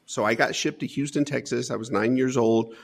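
A man's voice: medium pitch, steady tone, fairly quick, gravelly. A man as an interview guest, telling a personal life story in an earnest, emphatic way with frequent "man" asides.

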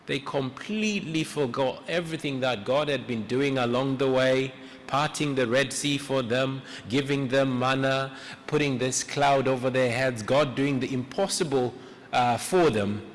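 A man preaching a sermon in a church, retelling a story in an earnest, reflective way with pauses. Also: mid-range voice, slight background noise. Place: church sanctuary. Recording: echoey church hall.

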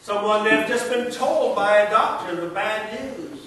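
A man's voice: high voice, bright, forceful tone, far from the mic. Male preacher, storytelling sermon, light hiss, echoey church from afar. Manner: storytelling with dramatic pauses. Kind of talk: Easter sermon.

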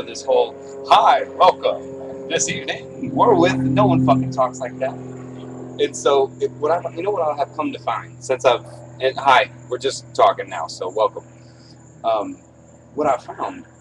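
A man's voice: medium pitch, a little mellow, a little hiss or hum, low-quality recording. A man hosting a casual podcast chat, candid and rambling, swearing freely as he talks. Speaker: podcast host. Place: outdoors on a porch at evening.

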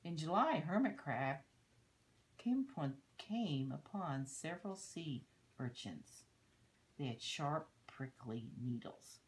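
Slow, low-voiced grandmother reading aloud. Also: lively intonation, a little hiss or hum, poor audio. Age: older. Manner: unhurried, stops to point out pictures and teach. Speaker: storybook reader. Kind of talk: reading a picture book aloud to children.

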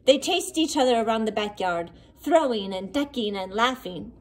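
A woman reading a children's picture book aloud in an expressive, sing-song storytelling manner. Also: a little high, moderate pace. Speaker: storybook reader.

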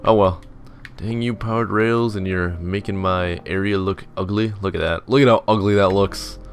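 A young man hosts a gaming video, offering casual, rambling let's-play commentary while poking fun at himself and mimicking his commenters in silly voices. His chatty voice is low-pitched at a normal speed, with slight background noise.

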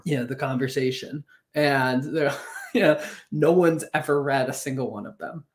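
Relaxed man chatting with filler words. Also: medium pitch, moderate pace. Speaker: guest, company co-founder. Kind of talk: casual conversational webinar talk.

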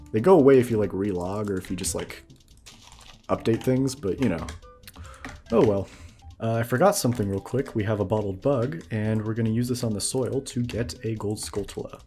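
A man's voice: lowish voice, mellow. A man giving casual let's-play commentary, chuckling and explaining as he plays. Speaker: gamer.

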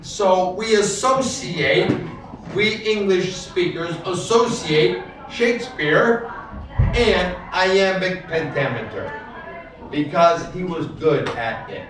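A man teaching English literature to a class, repeating key words slowly and patiently for the learners. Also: sits high, lively intonation, background noise. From United States. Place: school classroom full of students. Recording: echoey classroom, far from the mic.

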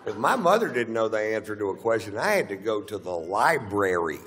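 A man's voice: fairly low pitch, sing-song, a little fast, fairly bright tone. A middle-aged man with a Texan accent doing a crude, rambling stand-up routine on a theater stage, acting out quotes as he goes. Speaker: stand-up comedian. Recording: live theater with long reverb, faint hum.

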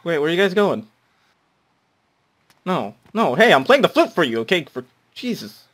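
Young male gamer, high and bright, hugely animated. Goofy, nervous, prone to shouting. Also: normal speed, slight background noise. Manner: goofy, rambling, breaks into shrill shouting; nervous, self-mocking. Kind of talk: comedic gameplay commentary.

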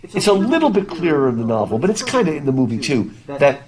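A male literature professor giving a classroom lecture, lively and laughing, reading passages aloud with animated voices. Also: on the high side, fast talker, crowd noise. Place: classroom with students. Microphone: masked, recording his class.

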